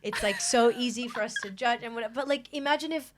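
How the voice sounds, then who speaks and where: A young woman co-hosting a podcast, telling stories in a rambling, animated casual chat. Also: on the high side, quick pace, a loud crowd. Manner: rambling, animated storytelling with laughs. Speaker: podcast co-host.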